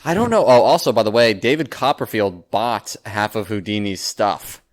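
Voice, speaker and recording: A man's voice: lowish voice, animated, normal speed. Playful riffing comedian man. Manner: playful, laughs and riffs in bits. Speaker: podcast co-host, comedian. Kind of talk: casual comedic chat.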